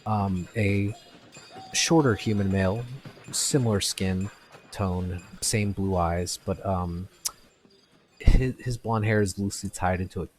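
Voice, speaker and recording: A man acting as game master, narrating a tabletop game in a halting way with many fillers. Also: low voice, steady tone, a little mellow, slight background noise.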